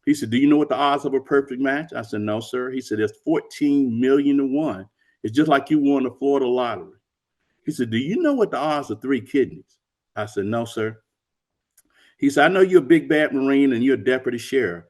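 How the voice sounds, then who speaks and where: A man's voice: mid-range voice, animated, normal speed, darkish tone. Earnest man retelling a personal story. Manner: earnest, acts out quoted dialogue. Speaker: author and interview guest.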